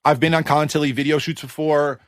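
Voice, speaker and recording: Podcast guest, man in his thirties; slightly high voice, dry close sound, lively storyteller. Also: dry recording. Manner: animated, chatty anecdotes with quick asides. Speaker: guest, music producer.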